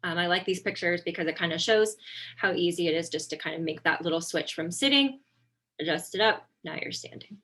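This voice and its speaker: A woman occupational therapist giving an informal webinar lesson over slides, relaxed and conversational with frequent ums and self-corrections. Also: fairly low pitch, a little fast.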